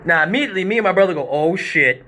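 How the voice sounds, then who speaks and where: A man hosting a live show, telling a story in a casual, animated, profane way and acting out quotes and sound effects. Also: high-pitched, racing.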